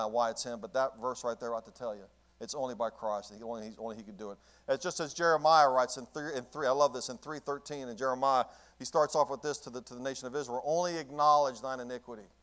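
A man's voice: mid-range voice, a bit bright. Man preaching a fervent sermon. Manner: fervent preaching with repeated phrases and King James quotations. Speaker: pastor.

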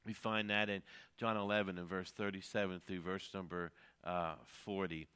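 A man's voice: sits low, little pitch movement, moderate pace, pushed and bright, clear, resonant tone. A middle-aged man preaching a sermon as a pastor, earnest, with frequent hesitations and sudden emphatic rises.

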